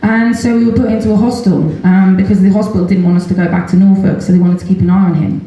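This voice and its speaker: A woman's voice: medium pitch, steady tone, fast, mellow. Earnest woman in echoey hall. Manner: earnest and candid, with nervous laughs and many ums. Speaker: seminar speaker, mother of patient. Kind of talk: personal story told in a public talk. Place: large event hall at a festival seminar.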